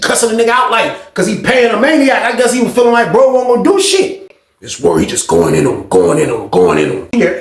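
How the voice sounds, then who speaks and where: Storyteller: a high-voiced, gravelly man, lively and profane, in a roomy space. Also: fairly quick. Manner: animated, profane, laughs often. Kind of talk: casual storytelling.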